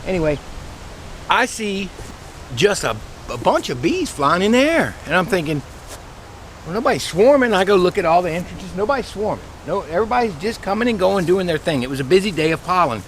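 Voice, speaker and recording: A man, a beekeeper telling a rambling, folksy story outdoors in his bee yard, his voice a little squeaky from the dry air. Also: sing-song, a little fast, slight background noise. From Louisiana, USA. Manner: chatty, folksy, rambling with restarts. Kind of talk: casual vlog storytelling.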